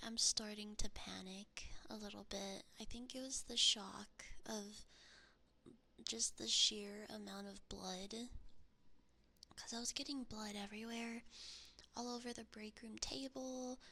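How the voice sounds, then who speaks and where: A woman streamer whispers through a rambling story in ASMR chat, taking her time over each phrase. Her soft voice carries a crisp, bright edge with plenty of gravelly fry, picked up close on a binaural mic. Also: fairly high pitch.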